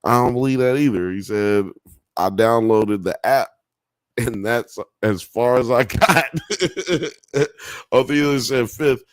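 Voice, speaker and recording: A man with a medium-pitched voice hosts a live podcast at a slow pace, reading chat comments aloud in a rambling, profane way and laughing often. It's casual live-stream chat, recorded with clean studio sound and no room echo.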